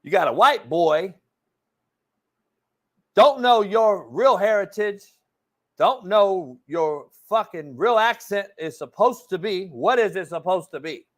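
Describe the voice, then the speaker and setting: A man's voice: high-pitched, animated, slow, a bit bright. A man hosting a sports talk show, ranting in a brash, mocking way and swearing constantly. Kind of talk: profane casual rant.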